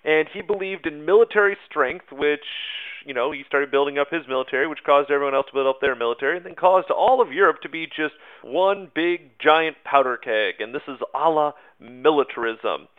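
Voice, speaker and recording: A man with a fairly high voice teaches a history lesson in a loose, conversational way, full of fillers, asides and little jokes. The sound is narrow and thin, like it is coming through a phone line. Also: brisk, hardly any pauses, clean tone. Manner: informal, chatty, many fillers and asides. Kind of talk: casual recorded history lecture.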